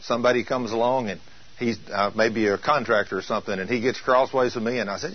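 A male preacher giving an emphatic sermon, drawing out scripture quotes slowly for weight. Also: medium pitch, steady tone, muffled recording.

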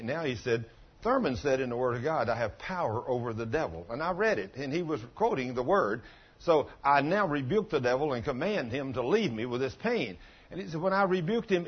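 An older man in his late sixties delivers a folksy, down-to-earth sermon. His voice is husky and sits a bit high for a man. The recording sounds dull and lo-fi. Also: expressive, moderate pace. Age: 60s. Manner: folksy, conversational preaching with colloquial grammar. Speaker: pastor. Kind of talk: sermon with storytelling.

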